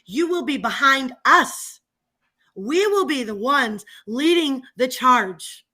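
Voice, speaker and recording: A woman's voice: high voice, lively intonation, slow pace, bright, forceful tone. A woman chatting casually on a livestream, venting animatedly and laughing often as she tells a story. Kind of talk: casual chat.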